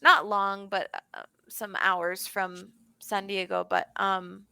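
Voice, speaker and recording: A woman's voice: medium pitch, little pitch movement, slow, gravelly, pushed and bright, clear, resonant tone, no room sound. A young woman from Florida tutoring English over a video call, chatty with many fillers and restarts. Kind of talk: casual online lesson chat.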